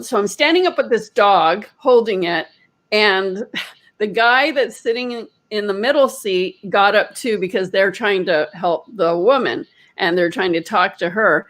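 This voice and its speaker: A woman host telling a personal story in an animated, chatty way, full of "like" fillers and acted-out quotes. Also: medium pitch. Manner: acts out her own quoted panic. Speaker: energy healer, host. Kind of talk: casual storytelling.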